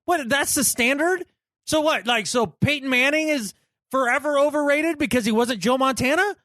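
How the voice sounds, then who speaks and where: A man's voice: extremely high pitch, normal speed, bright, forceful tone, no echo, studio quality. A man co-hosting a sports podcast, talking in a casual, emphatic and sarcastic way. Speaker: podcast co-host.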